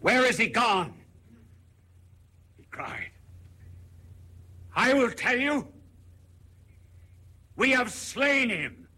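A man voicing a frantic male madman who cries out and then sinks into hushed whispers. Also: medium pitch, steady tone, takes it slowly, long pauses, slightly rough, heavily acted.

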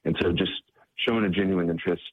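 Male guest, very low and husky, halting with many repeats, phone-quality audio. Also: fairly even intonation. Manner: halting, repeats words often. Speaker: guest, charity staff member. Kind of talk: interview conversation. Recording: tinny phone-like line.

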